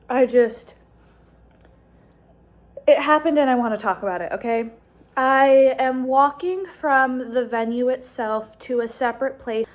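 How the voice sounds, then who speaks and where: A young woman vlogging a casual storytime in a chatty, exasperated way, rushing through phrases. She talks into a handheld phone, first while walking outdoors at night and later at home. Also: on the high side.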